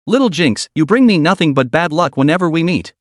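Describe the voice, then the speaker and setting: An indignant spoiled young woman, read by a man with a lively, rising and falling pitch and a fairly high voice. The sound is close and dry, with no room around it. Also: a little fast, dry recording, lightly acted. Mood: spiteful.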